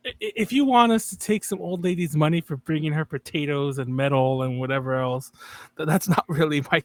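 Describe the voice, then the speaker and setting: A man's voice: a little high, moderate pace, no room sound. A man playing a tabletop game casually, stammering and amused. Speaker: player.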